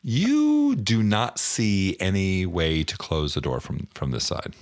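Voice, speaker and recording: A man running a tabletop game as game master, relaxed and halting, often laughing as he talks. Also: sits low, no room sound, studio quality. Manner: relaxed, stumbling, often laughing mid-sentence.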